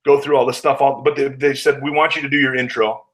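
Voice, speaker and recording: Man, interview guest, candid storytelling, acts out quotes, mid-pitched voice. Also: level tone, quick pace, low-quality recording. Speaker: guest, pro wrestler.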